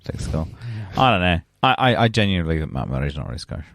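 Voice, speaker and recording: A man's voice: deep voice, sing-song, fast talker, vocal fry, a bit bright. A man co-hosting a podcast in laid-back banter, laughing along. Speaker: podcast co-host. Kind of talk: casual banter.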